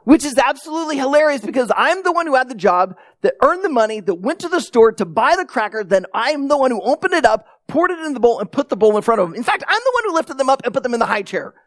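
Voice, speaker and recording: A middle-aged man preaching a sermon, telling stories in an animated way and acting out the quotes he gives. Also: very high voice, quick pace, hardly any pauses, dry recording, studio quality. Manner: animated storytelling with acted-out quotes. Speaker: pastor.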